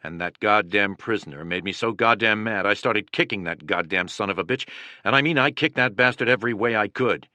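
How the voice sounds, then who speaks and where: A man reading the blunt, cursing recollection of a gruff army sergeant in an audiobook. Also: lowish voice, a little fast, bright, forceful tone, no echo. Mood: grim. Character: gruff male army sergeant recalling anger.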